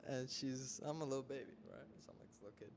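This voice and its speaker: Young adult male podcast host, animated, vivid storyteller, mid-pitched voice in a reverberant room with faint hiss. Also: quick pace, creaky. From Florida, United States.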